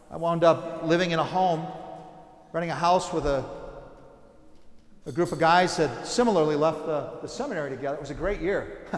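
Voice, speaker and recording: A man preaching a sermon, telling stories with a lively delivery that swings from loud bursts to hushed, quiet lines. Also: high voice. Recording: echoey hall, long reverb.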